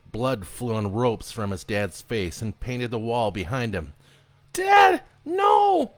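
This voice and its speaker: A man giving a live reading of his own horror story in an expressive, dramatic storytelling manner. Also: on the low side, no room sound.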